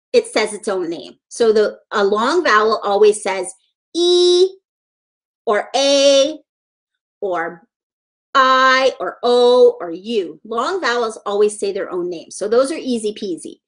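A woman's voice: fairly high pitch, lively intonation, measured pace. A woman teaching a live online letters-and-sounds lesson to young children, encouraging and sing-song as she praises each child by name.

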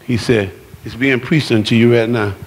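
A man preaching a sermon, shouting and calling out to the congregation in a church. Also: mid-range voice, fairly even intonation, moderate pace, a little hiss or hum. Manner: shouting, exuberant preaching with call-outs to the congregation. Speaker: pastor. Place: church sanctuary. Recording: long hall reverb.

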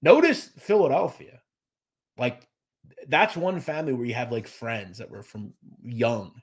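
Husky guy hosting a live chat stream, loose and rambly, lots of uhs. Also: mid-range voice, animated, unhurried. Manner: chatty, many fillers and restarts, thanks viewers by name. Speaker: podcast host reading live chat. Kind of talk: casual livestream chat.

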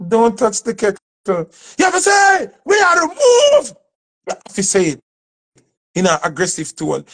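Jamaican male dancehall artist, high and gravelly, preachy and emphatic on camera. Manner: emphatic, preachy, repeats his points. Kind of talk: impassioned speech to camera.

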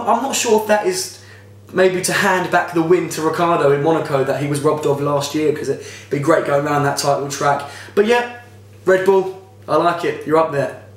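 A man's voice: on the high side, recorded from a distance. A man giving a casual, opinionated motorsport video commentary, talking in a rambling way with frequent restarts. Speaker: motorsport vlogger. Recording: echoey room.

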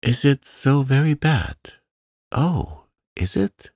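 A man's voice: medium pitch, very animated, slow, darkish tone, no room sound, clean studio sound, voice pushed up, heavily acted. A man voicing a young, frightened upper-class mother, breathless and pleading. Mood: frantic.

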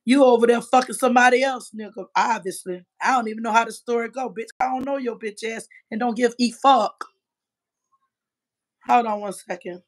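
A woman's voice: a little high, normal speed. A woman in her fifties on a livestream, delivering a combative, profane rant into a phone mic. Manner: profane, combative, trash-talking.

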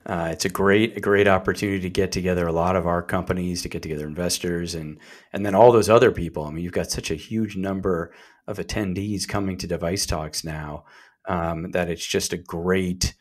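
Deep-voiced man as a podcast guest. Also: a little fast. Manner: relaxed, with many fillers. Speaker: guest, CEO. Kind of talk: casual interview talk.

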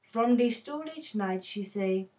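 A woman's voice: medium pitch, animated, slow pace, darkish tone. A woman putting on a giddy, lovesick young shopkeeper. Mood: dreamy. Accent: put-on Indian English. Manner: rhythmic, singsong recitation. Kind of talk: dramatic poetry reading.

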